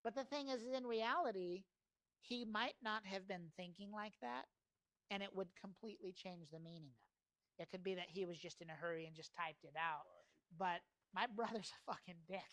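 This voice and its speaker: A man's voice: high-pitched, moderate pace, a bit bright, no room sound. A man leading an in-house sales training, talking conversationally, quizzing the room with rhetorical questions and swearing now and then. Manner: casual, swears in passing.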